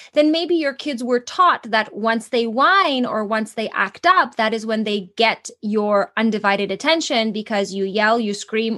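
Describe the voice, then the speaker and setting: A woman's voice: on the high side, a bit bright. A woman parenting coach, a guest in an interview, explaining earnestly with examples from her own home. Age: adult mother. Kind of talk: interview answers.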